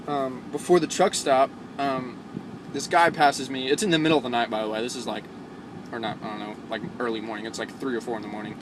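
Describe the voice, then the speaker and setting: A young man who's new to truck driving tells stories in a casual, rambling vlog, packed with fillers and excited asides. His pitch sits in the middle, and the background is noisy.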